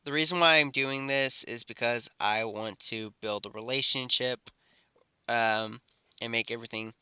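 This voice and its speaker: A young man improvising a fan-fiction story, rambling and halting with many restarts. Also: mid-range voice, steady tone, bright, forceful tone, clean tone, dry recording, clean studio sound.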